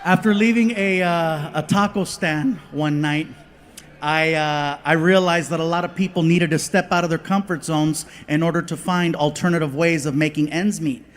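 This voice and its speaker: Stand-up comedian, high-voiced man, animated storyteller, live stage. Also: normal speed.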